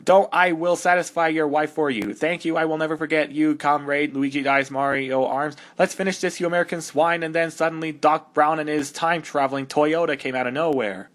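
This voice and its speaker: A man's voice: on the high side, fairly even intonation, fairly quick, hardly any pauses, fairly bright tone, close to an everyday voice. A man voicing a cocky young male hedgehog hero, reading fan fiction aloud with sarcastic, exasperated mockery. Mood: mocking. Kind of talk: comedic fan-dub reading.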